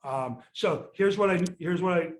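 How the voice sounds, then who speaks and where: A man's voice: sits high, moderate pace, slight background noise. An older man, a real estate sales coach ranting bluntly and with exasperation, swearing casually in a podcast chat. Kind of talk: candid podcast rant.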